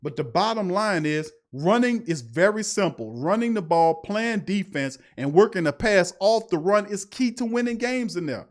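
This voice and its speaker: A man's voice: sits high, expressive, moderate pace, few pauses. A man hosting a live-streamed sports talk show, reading chat messages and ranting in an emphatic, slangy way.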